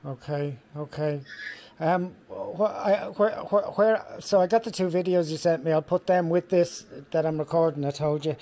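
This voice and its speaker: Irish male host, hesitant and stammering, relaxed mellow tone. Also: fairly high pitch, moderate pace, creaky. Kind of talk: casual phone chat.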